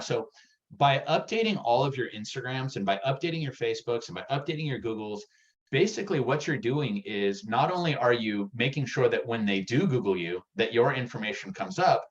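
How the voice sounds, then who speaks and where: A man giving a real estate sales workshop, energetic and direct, getting worked up as he talks. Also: medium pitch, lo-fi sound. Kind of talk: workshop presentation.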